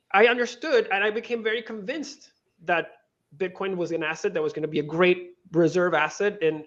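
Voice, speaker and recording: As a guest on a lively interview, a Venezuelan man who co-founded a crypto lending business narrates a story in a slightly high voice. He chats casually, breaking off and restarting sentences and voicing quoted dialogue, on a dull, lo-fi recording.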